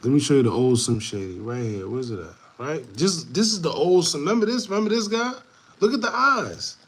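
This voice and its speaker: Animated man talking to viewers. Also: a little high, fairly quick, slightly rough. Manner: animated, repetitive, laughing asides. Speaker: show host. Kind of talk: casual commentary to viewers.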